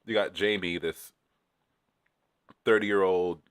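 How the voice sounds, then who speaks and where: A man's voice: sits low, steady tone, takes it slowly, a bit bright, clear, resonant tone, no echo. A man chatting casually in a rambling, profane way, with many fillers, as he recaps a reality show. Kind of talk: casual chat.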